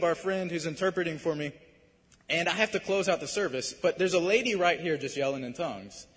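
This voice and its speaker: High-voiced animated preacher in a hall. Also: male voice. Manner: casual, animated, self-deprecating. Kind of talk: sermon storytelling.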